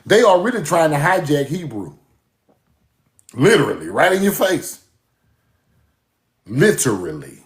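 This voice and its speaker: A man with a drawl, delivering an unscripted rant. His voice sits high and swings up and down widely, and he drags his words out slowly. He sounds mocking and profane. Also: echoey room. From US South. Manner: animated, laughing, mocking, profane. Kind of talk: casual rant to camera.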